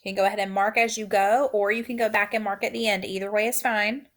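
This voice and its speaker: A woman teacher giving a recorded phonics lesson, saying each word twice in slow, drawn-out dictation. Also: medium pitch, fairly even intonation, fairly bright tone.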